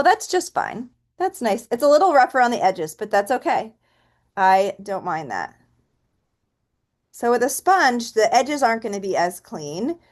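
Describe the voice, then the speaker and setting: A fairly high-voiced woman leads a relaxed painting lesson in an easy, chatty tone. She thinks aloud as she works and drops to a soft count while stamping. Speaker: painting instructor. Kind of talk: relaxed step-by-step art tutorial.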